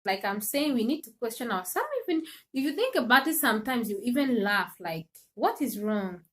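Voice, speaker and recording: A woman, her voice sitting a little on the high side. She talks in a loose, chatty way and laughs often as she speaks straight to her viewers. This is an easygoing livestream monologue. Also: expressive, moderate pace. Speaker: livestream host.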